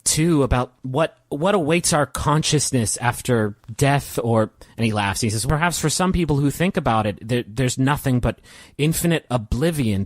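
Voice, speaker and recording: A man's voice: fairly high pitch, no echo, voice pushed up. A man doing a weary, brooding immortal. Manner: slow, musing monologue with halting restarts. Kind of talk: in-character role-play.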